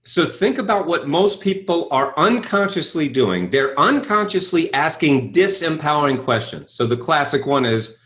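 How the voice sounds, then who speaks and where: A man being interviewed tells his story with bursts of energy, acting out the voices he quotes. His voice sits high and swings widely in pitch. He keeps checking in with his listener. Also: normal speed, hardly any pauses. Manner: energetic, acts out quoted voices, repeats "right?". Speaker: guest author and speaker.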